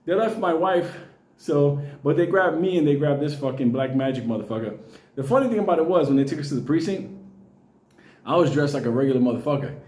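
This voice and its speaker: A man telling a wild comic story, animated and swearing often, laughing through his lines. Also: a little high, fast, echoey room. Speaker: comedian storyteller.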